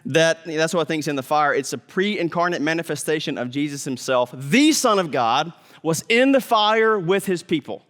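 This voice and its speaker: A man's voice: on the high side, lively intonation, moderate pace, fairly bright tone, long reverb tail. A man preaching a sermon as pastor, in a conversational way, sometimes acting out the people in the story. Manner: conversational preaching, acts out voices.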